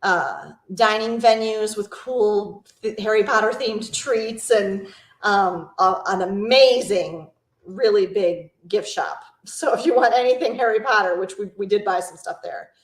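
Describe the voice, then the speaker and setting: A woman's voice: mid-range voice, unhurried. A middle-aged woman hosting a travel channel, chatting casually and telling rambling stories in a live Q&A. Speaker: travel vlog host. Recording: echoey room.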